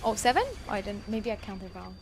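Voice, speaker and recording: A woman's voice: mid-range voice, fairly even intonation, brisk, over music. A woman live-streaming from home, chatting casually and answering viewers as she plays. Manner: chatty, reads chat aloud and answers viewers.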